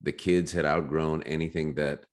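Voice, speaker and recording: A man's voice: extremely low pitch, little pitch movement, normal speed. A man, co-hosting a podcast and telling stories in easygoing casual chat. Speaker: podcast co-host.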